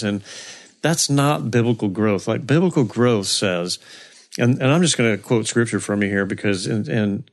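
A man with a gravelly, creaky voice talks in an earnest, preacherly way. He co-hosts a casual faith-based podcast and often quotes scripture. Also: fairly low pitch. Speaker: co-host of a recovery podcast.

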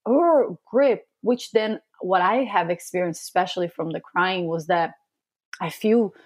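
In a lowish voice, a woman who works as a spiritual coach chats as a podcast guest in a relaxed conversation. Her manner is gentle, thoughtful and emotionally candid, marked by pauses and filler words.

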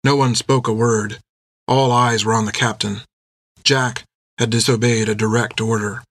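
A man reading an adventure novel aloud in steady, measured scripted narration. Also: medium pitch, no echo. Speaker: audiobook narrator.

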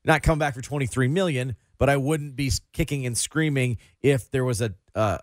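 A man's voice: medium pitch, brisk, dry recording, studio quality. Hesitant man co-hosting sports radio. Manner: hesitant, restarts often.

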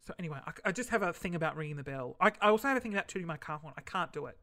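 Male podcast host, casual rambling solo chat, bright voice. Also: on the high side, expressive, rapid-fire. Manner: rambling, easily sidetracked.

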